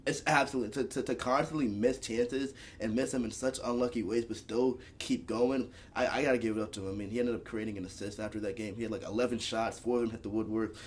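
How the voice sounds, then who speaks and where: A man's voice: medium pitch, fast, few pauses, slight background noise. A young man, co-hosting a casual sports podcast, arguing animatedly and stumbling over his words. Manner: animated and argumentative, with many restarts. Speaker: podcast co-host.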